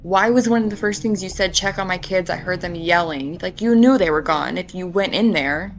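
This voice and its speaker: Low-voiced woman chatting about true crime. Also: fairly quick, rough recording. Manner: chatty, skeptical, fond of quoting others in mock voices. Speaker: podcast host. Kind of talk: casual true-crime chat.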